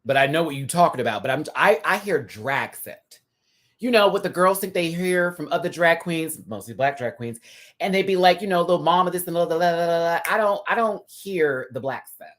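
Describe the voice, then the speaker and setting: Man, live stream reviewer, sassy, chatty, laughing, drag slang, big pitch swings. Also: lively intonation, moderate pace, a bit bright. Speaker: host reviewing a TV episode live.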